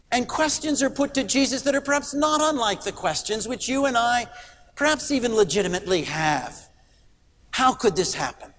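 A middle-aged man delivers a sermon, earnest and emphatic, leaning on rhetorical questions. His voice sits high for a man. The church hall gives a long reverb, with faint hiss underneath. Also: very animated, a little fast, a bit bright. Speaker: pastor.

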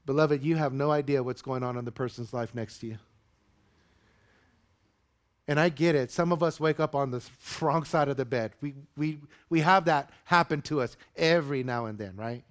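Fairly quick and with hardly any pauses, this pastor's mid-range voice carries a sermon to the congregation in the sanctuary. He tells the story animatedly, acting out the quotes.

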